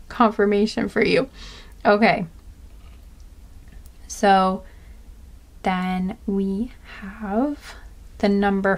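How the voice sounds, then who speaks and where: A woman doing a slow, soft-spoken pick-a-card reading, listing charms one by one with small asides. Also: mid-range voice. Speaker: tarot card reader.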